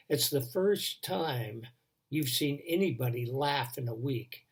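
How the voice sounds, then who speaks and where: A man telling a dramatic devotional story, building tension and then dropping to a hush. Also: a little high, creaky. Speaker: devotion speaker.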